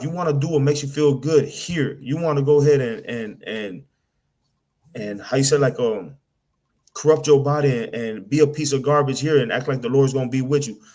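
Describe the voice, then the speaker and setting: A street preacher delivers a blunt, casual rant in a mid-range, somewhat dark male voice. He repeats himself, trips over words, uses slang, and mimics people in side remarks.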